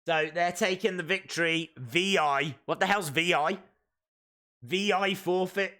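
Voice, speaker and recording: A man hosting a live watch-along stream, reacting excitedly and calling out the moves as they happen. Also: high voice, unhurried.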